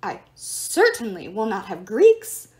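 A woman's voice: medium pitch, big pitch swings, moderate pace, lightly acted. A woman voicing a fussy, irritable male statue god who shrieks in a prim teacher voice. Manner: shrieking, loud outbursts.

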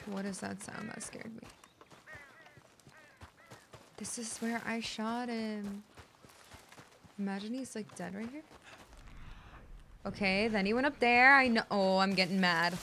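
Bright-voiced woman streamer muttering. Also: medium pitch, a little slow, long pauses, a little hiss or hum. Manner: mutters quietly to herself, bursts into loud excited squeals; chats back to viewers, teasing and argumentative. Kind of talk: casual live gameplay commentary.

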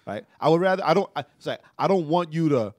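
A man's voice: on the high side, lively intonation, quick pace, no room sound, studio quality. Emotional male pastor telling a story. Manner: emotional storytelling, tags lines with "right?". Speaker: podcast host and pastor. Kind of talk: casual conversation.

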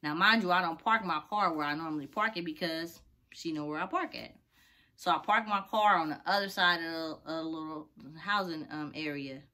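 Bright-voiced woman telling a storytime. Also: low-pitched, moderate pace. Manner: animated, expressive storytelling, acting out voices. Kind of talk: casual storytime vlog.

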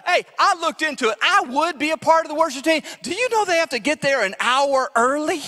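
Animated male preacher, bright high voice, reverb of a big hall, mimics the people in his stories. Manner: animated, acts out voices of church members. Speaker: pastor. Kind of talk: sermon. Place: church sanctuary.

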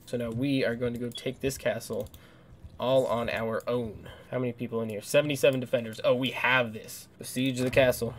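Excitable young man, let's play commentary. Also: mid-range voice, slight background noise. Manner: excitable, swears a lot, yells at enemies. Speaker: gaming channel host.

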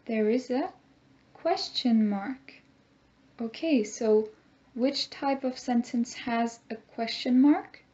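A woman teaching a grammar lesson, speaking slowly and clearly and having the class repeat words after her. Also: a little high, dark tone, muffled recording. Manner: slow, clear teacher talk with call-and-repeat drills.

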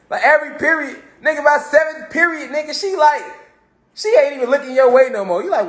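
A man giving a casual motivational talk about spirituality. He is animated, streetwise and profane, and keeps asking his listeners questions. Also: extremely high pitch, a little fast, reverberant. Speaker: spiritual speaker.

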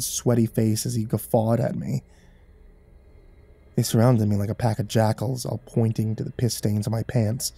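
Dark-voiced man narrating horror. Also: on the low side, gravelly, dry recording. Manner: measured, dramatic storytelling. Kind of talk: dramatic first-person horror narration.

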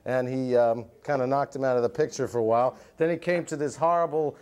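A man hosting a live TV music show, telling a playful puppet story with lots of pauses. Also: mid-range voice, steady tone, a little mellow, clear, resonant tone. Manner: rambling, playful, lots of uhs. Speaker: show host. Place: TV studio with live audience.

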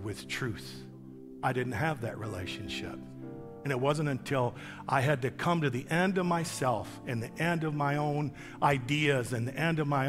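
A man in his sixties, a guest pastor preaching a sermon with a personal testimony, telling his story in an animated way with self-deprecating humor. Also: on the high side, in a large hall. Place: church sanctuary.

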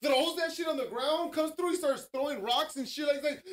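A young man co-hosting a casual podcast chat. He tells animated stories, swears freely and acts out people yelling. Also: very high voice, fairly quick, few pauses. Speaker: podcast co-host.

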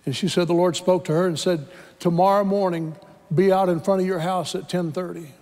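A man's voice: sits high, steady tone, a little fast, warm tone, long reverb tail. A man preaching a sermon, telling a story dramatically and acting out the voices in it. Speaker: pastor. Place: church sanctuary.

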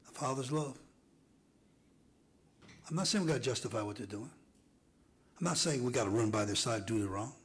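A man preaching a sermon in a church, swinging from near-whispered lines to loud, hoarse shouting. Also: medium pitch, animated, fairly quick, pauses often, rough recording. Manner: builds from hushed murmurs to hoarse shouting. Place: church sanctuary.

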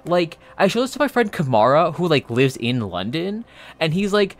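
A man hosting a livestream alone, chatting casually, animated and swearing. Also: fairly high pitch, a little fast, soft background music. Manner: animated, swears, laughs often. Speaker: streamer host.

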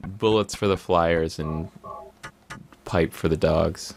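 A man's voice: low-pitched, fairly even intonation, slow, creaky, slight background noise. A man giving casual, joking commentary while he plays a game, sometimes reading in-game text aloud with mock drama. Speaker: let's play host.

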